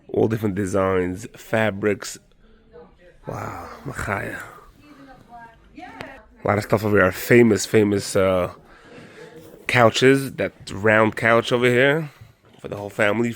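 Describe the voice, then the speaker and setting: A man, walking through a furniture showroom and eagerly praising the sofas and prices for a promotional video. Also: on the low side. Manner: enthusiastic, repeats "beautiful", mixes in Yiddish words. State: out of breath on the stairs. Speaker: show host doing a store promotion. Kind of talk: walkthrough sales pitch.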